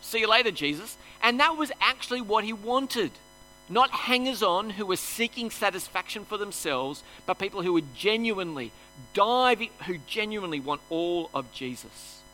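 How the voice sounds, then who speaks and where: A man preaching at an evening church service, animated and putting on the voices of the crowd. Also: high-pitched, normal speed, slight background noise, low-quality recording. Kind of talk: sermon.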